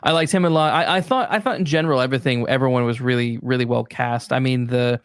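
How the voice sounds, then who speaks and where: A man's voice: mid-range voice, clear, resonant tone, dry recording. Enthusiastic male podcast host, dry close mic. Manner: enthusiastic, laughs often, many quick restarts. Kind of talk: casual film discussion.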